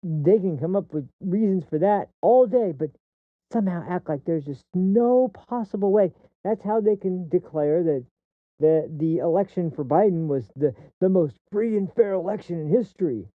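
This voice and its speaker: A man hosting a political commentary stream, ranting with heat and frequent swearing, stumbling and restarting as he pushes his points. His voice sits a little high for a man. The audio is dry and thin, like it comes down a phone line. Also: dry recording. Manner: heated, profane ranting; repeats and restarts words mid-sentence. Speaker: streamer host.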